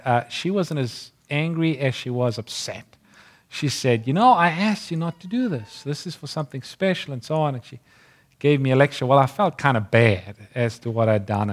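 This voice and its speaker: A man preaching a sermon, reading scripture aloud and then telling a personal story in an earnest, storytelling way that sinks to a hush at tender moments. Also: mid-range voice.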